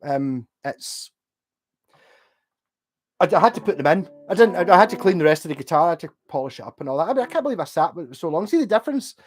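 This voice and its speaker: A man's voice: on the high side, lively intonation, quick pace. A man, a bit drunk, rambling casually on a late-night home livestream while reading out chat and laughing often.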